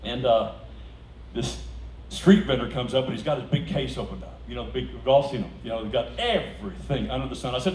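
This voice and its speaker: At a celebration, a man with a medium-pitched voice tells stories to a live audience, speaking a little fast and laughing through his punchlines. He's heard from a distance in an echoey hall, with faint background noise.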